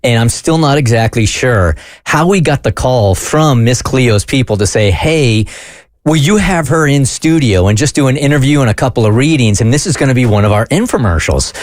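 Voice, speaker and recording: A man hosting a radio talk show, telling a story in an animated, casual way. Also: mid-range voice, moderate pace, no room sound, studio quality. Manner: animated storyteller, lively delivery.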